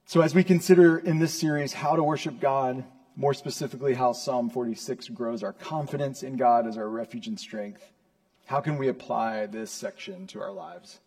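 A man preaching a sermon from the pulpit. His voice sits at an ordinary pitch, and his delivery is earnest, building from measured explanation to emphatic high points. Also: darkish tone. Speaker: pastor.

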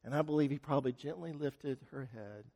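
A man preaching a sermon, telling a story dramatically and swinging from loud, fast passages to hushed, slow ones. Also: mid-range voice, creaky, big-room sound.

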